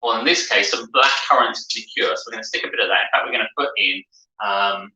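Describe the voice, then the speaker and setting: A man from England chatting casually while he mixes a cocktail on a live stream, rambling through quick asides. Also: fairly low pitch, bright, forceful tone, recorded from a distance. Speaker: co-host making cocktails. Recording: roomy, off-mic.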